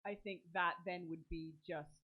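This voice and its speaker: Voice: mid-range voice, fairly even intonation, moderate pace. A tabletop game player thoughtfully describing a character's actions, with some hesitation. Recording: slightly dull lo-fi sound.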